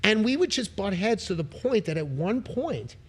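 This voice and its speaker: A man's voice: high voice, normal speed, husky. A middle-aged man telling stories as a podcast guest, acting out the voices of people in them. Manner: animated, acts out voices in his stories. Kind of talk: casual storytelling.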